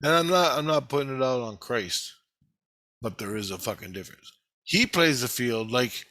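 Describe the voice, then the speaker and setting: A man with a bright, forceful voice rambles through a personal video monologue. He swears constantly and gets heated as he goes. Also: medium pitch, expressive, normal speed. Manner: heavily profane, heated and rambling. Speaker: vlogger.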